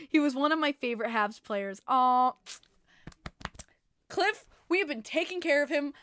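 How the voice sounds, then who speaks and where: A woman hosting a casual hockey podcast livestream, excitable, laughing often and swearing freely as she reads chat messages. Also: fairly high pitch, moderate pace, clean tone, no room sound, clean studio sound. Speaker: podcast host.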